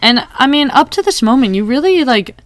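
A woman chatting casually about a TV episode, animated and acting out quoted lines. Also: high-pitched, a little fast, no echo. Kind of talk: casual TV recap chat.

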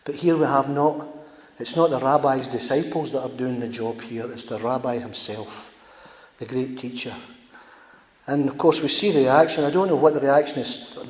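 A male preacher giving a sermon in a conversational, emphatic manner, often circling back over his phrases. His voice echoes through a large church hall with a long tail. The recording sounds dull, with faint background noise. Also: mid-range voice.

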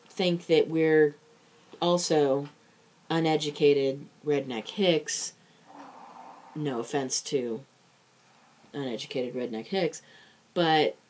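Low-voiced chatty woman. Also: a little mellow. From Pittsburgh. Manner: chatty, with frequent restarts. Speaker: podcast co-host; farmer. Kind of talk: casual chat.

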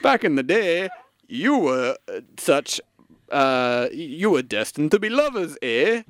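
A man's voice: on the high side, sing-song, slow pace, no room sound, voice pushed up. A man voicing a lamenting older father-in-law in a mock-northern, rambling, wailing manner.

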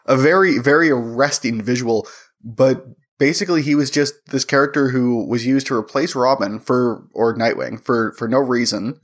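A man with an ordinary mid-range voice tells a story in a dry, offhand manner. He pauses and restarts as he goes. It is a relaxed podcast chat with friends. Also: medium pitch. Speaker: podcast co-host. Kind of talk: casual comedic chat.

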